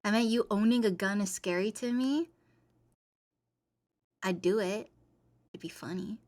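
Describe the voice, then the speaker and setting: A woman's voice: medium pitch, a little slow, a little mellow. A woman streamer talks casually with her chat, rambling and playful. She giggles often and moves loosely from one thought to the next.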